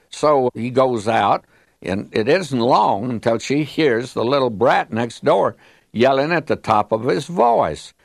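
A man's voice: mid-range voice, creaky, no room sound, clean studio sound. Folksy male radio Bible teacher. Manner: folksy storytelling, digressive.

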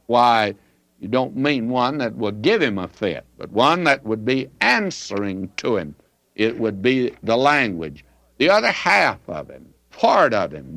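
A man's voice: mid-range voice, fairly bright tone, no room sound. An older man teaching from the Bible in a folksy, emphatic preaching manner. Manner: folksy, emphatic preaching with old-fashioned phrasing.

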